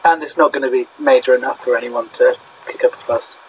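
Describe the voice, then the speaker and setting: A man's voice: mid-range voice, fairly even intonation, brisk, a little hiss or hum, rough recording. A young man from Britain co-hosting a casual film discussion, chatty and thinking aloud with many fillers. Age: young adult. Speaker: podcast co-host.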